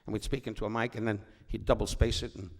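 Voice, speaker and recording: The voice is lowish and creaky, fast, with little pitch movement: an older New York comedian guest rambling through wisecracking stage stories for a live crowd. He frequently breaks off to interrupt himself.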